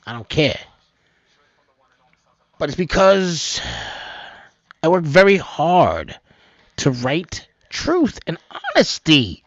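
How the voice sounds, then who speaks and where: Rambling man with a gravelly voice, lo-fi. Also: sing-song, slow, pauses often, dry recording. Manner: rambling, restarts often, swings between loud outbursts and low mutters. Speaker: host of an amateur news channel. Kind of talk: rambling off-the-cuff news commentary. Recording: dull, lo-fi, dry sound.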